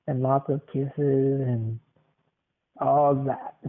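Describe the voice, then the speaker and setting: Through a thin, tinny, phone-line-like sound, a man hosts a casual podcast, rambling loosely, repeating words and filling pauses often. His voice is average in pitch for a man, with a steady tone.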